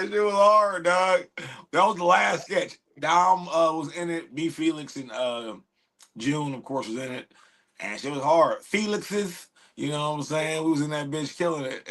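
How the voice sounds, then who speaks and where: A man hosting a casual podcast, animated and slangy, swearing freely. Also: a little high. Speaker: podcast host.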